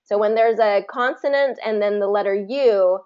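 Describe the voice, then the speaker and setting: Woman, pronunciation coach, patient, slow demonstrations, slightly dull audio. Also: mid-range voice, a little mellow, clear, resonant tone. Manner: patient, demonstrates words slowly. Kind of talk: live online class.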